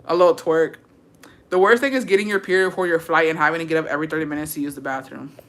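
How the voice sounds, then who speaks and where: A woman with a low, steady voice talks very fast as a content creator reading viewer stories. Her storytelling is crude and profane, full of laughter and free swearing, and she slips Spanish words into her English during the casual chat.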